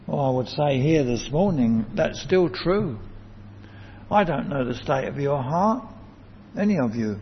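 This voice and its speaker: A man's voice: medium pitch, expressive, measured pace, husky. A man preaching a sermon in a church, earnest and emphatic, lifting his voice to stress key words. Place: church building. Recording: dull lo-fi church sound with long reverb.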